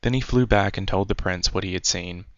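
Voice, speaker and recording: A man reading a fairy tale aloud as a storyteller, in a measured, unhurried way. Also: low-pitched, fairly bright tone, no echo. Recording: dry, dull lo-fi recording.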